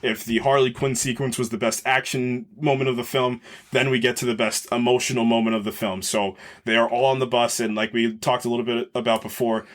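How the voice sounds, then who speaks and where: A man talks through a movie review on a podcast, relaxed and unscripted. He rambles and restarts, reaching for the right word as he goes. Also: medium pitch. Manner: rambling, searches for words mid-sentence. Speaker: podcast host. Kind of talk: casual film review chat.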